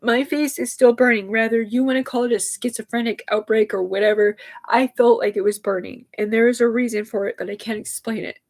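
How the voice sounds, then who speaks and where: Rambling, cursing woman with a higher voice. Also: fairly even intonation, a little fast, few pauses, darkish tone. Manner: rambling and profane, often emotional. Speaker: livestreamer. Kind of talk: casual personal storytelling.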